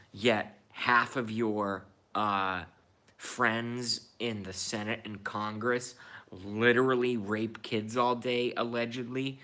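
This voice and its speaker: A man's voice: mid-range voice, a bit bright. A man in his thirties ranting in a profane, repetitive and indignant monologue. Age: 30s. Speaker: vlogger.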